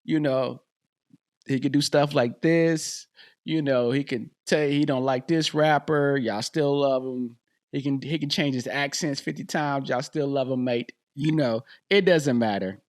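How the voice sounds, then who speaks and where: A man hosting a podcast in casual commentary, animated and emphatic, with slangy talk and repeated phrases, into a podcast microphone. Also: medium pitch, measured pace. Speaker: podcast host. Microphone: dynamic USB podcast microphone.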